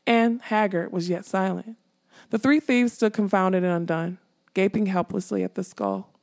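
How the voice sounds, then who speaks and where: Brief: female fantasy audiobook narrator, even and steady, slight vocal fry. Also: medium pitch, moderate pace. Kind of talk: scripted narration.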